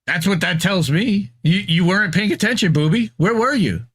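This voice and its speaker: Brief: male guest commentator, slightly high voice, blunt and mocking, stammering restarts. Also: lively intonation, moderate pace, a bit bright, husky. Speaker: guest, independent news commentator. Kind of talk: casual political chat.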